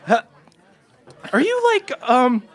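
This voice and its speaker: A man's voice: extremely high pitch, sing-song, slow pace, voice pushed up, heavily acted. A man voicing a nervous young male halfling scoutmaster who stammers and rambles. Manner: stammering, rambling, filler-heavy.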